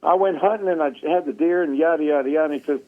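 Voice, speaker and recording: Casual Southern male guest spinning an animated yarn on radio. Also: a little high, very fast, phone-quality sound. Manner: animated storyteller, acts out quotes, laughs often. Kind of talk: casual storytelling chat.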